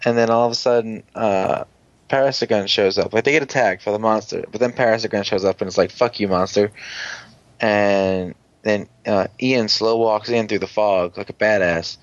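A man's voice: on the low side, steady tone, moderate pace, no echo. A man hosting a casual show and recapping an episode in a rambling, profane, joking way. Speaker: podcast host. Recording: dull lo-fi recording.

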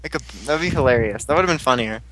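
A man with a bright, ringing voice at an ordinary middle pitch, chatting casually as he recaps an episode. He rambles from scene to scene in an excitable way and swears now and then. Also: fast, a little hiss or hum, rough recording.

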